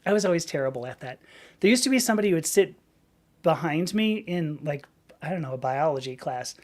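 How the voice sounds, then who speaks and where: A woman's voice: low-pitched, expressive, fairly quick, darkish tone. A woman hosting a live stream, chatting casually in a rambling way and laughing often.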